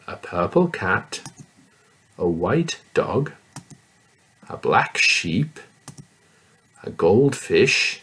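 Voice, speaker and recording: Male teacher for a children's reading lesson, slow and exaggerated, with a swooping voice. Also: lowish voice, sing-song, fairly bright tone, slightly rough. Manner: slow, sing-song, exaggerated.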